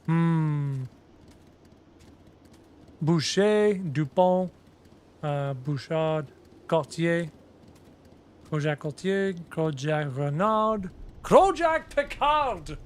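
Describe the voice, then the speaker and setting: A man's voice: on the high side, extremely slow, pauses often, clean tone. A Canadian man streaming a game, chatting casually with viewers and muttering as he reads lists aloud, with faint music behind him. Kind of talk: casual live-stream chat.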